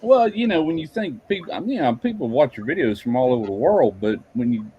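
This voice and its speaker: A man's voice: medium pitch, sing-song, fast talker, muffled recording, slight background noise. An older man, a barbecue YouTuber, telling easygoing stories in a casual chat. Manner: easygoing anecdotal storyteller.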